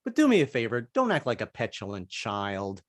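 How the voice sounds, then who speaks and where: A man's voice: mid-range voice, wildly swooping pitch, no echo, studio quality. A man doing a stand-up comedy set, stammering and repeating words before landing his jokes. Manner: halting, repeats words, drops into quick bits. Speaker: stand-up comic.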